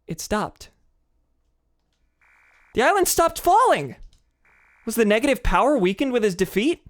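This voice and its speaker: A streamer giving live game commentary, excitable and quick to swear at the game. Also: mid-range voice.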